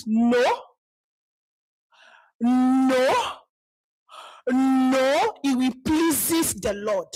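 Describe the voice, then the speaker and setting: Speaking in a high voice with a Nigerian accent, a woman runs an online community call and talks to members bluntly, telling them off. The audio is poor and dry.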